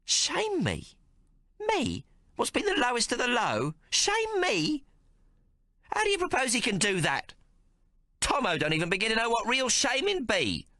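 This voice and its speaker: A fierce old mother with a coarse, scolding way of speaking, as a male narrator puts her on. The voice sits high and swings widely in pitch, with a bright, sharp edge. It sounds like a storybook reading in a dry booth. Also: big pitch swings, moderate pace, no echo. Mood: furious. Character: fierce old working-class mother, tough and bitter. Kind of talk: audiobook character voice.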